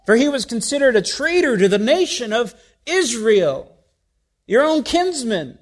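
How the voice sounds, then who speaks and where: A man preaching a sermon, reading scripture and asking his congregation rhetorical questions with wide swings in loudness. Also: very high-pitched, big pitch swings, measured pace.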